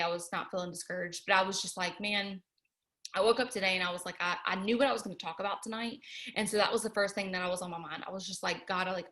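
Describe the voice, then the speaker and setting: A woman's voice: mid-range voice, sharp tone. A young woman giving an earnest, chatty motivational talk, full of "like" and "y'all.". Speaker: motivational speaker.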